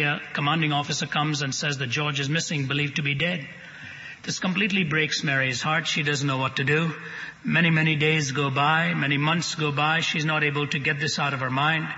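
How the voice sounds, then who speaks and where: A man preaching a sermon to a live audience, telling stories with animated humor, recorded live in a church hall. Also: fairly high pitch, lo-fi sound.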